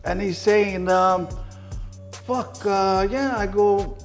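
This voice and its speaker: A man with a fairly high voice tells a story in casual talk, swearing freely. He acts out the quoted voices of the people in it. Faint music plays behind him. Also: slow, vocal fry. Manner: profane, animated, acts out quoted dialogue. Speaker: guest.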